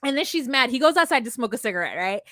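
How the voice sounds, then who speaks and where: A woman co-hosting a podcast, casually recapping a reality show, animated and outspoken, swearing freely. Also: a little high, fast, no room sound, clean studio sound. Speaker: podcast co-host.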